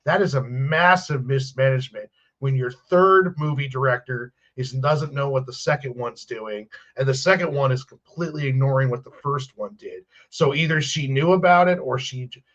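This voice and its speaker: A man's voice: medium pitch, normal speed, hardly any pauses, fairly bright tone. A man chatting on a podcast, rambling and restarting his sentences with an exasperated tone. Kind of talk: casual chat. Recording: muffled lo-fi audio.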